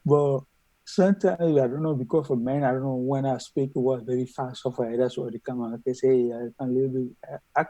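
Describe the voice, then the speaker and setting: A man with a noticeable foreign accent in a casual coaching chat, talking haltingly with many repeats, restarts and loose phrasing. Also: mid-range voice, steady tone, warm tone, no room sound, poor audio. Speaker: interview coaching client.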